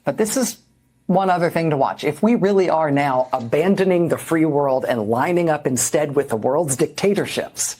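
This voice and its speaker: A woman's voice: low-pitched, moderate pace, mellow. A woman giving earnest, emphatic televised news commentary. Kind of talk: broadcast commentary.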